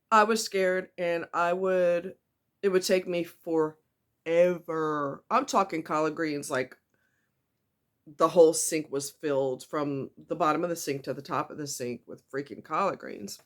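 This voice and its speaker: Woman, confessional vlogger; emotional, tight-throated, halting delivery with blunt swearing. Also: deep voice. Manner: halting, frequent ums and restarts, blunt swearing. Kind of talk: personal confessional vlog.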